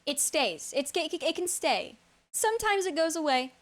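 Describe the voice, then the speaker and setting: A young woman with a high, light voice chats live with her stream audience. She rambles from thought to thought, blunt and unfiltered, swearing freely and breaking into laughs. It is loose, off-the-cuff talk aimed at her chat. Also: very animated, normal speed. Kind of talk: casual stream chat, answering chat.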